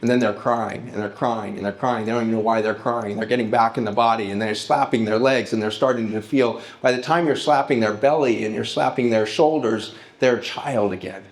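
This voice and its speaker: A middle-aged man speaking to a live audience at a festival, telling stories and slowing down to act out heartfelt pleas. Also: mid-range voice, steady tone. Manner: storytelling, slows and lifts his voice to act out pleas.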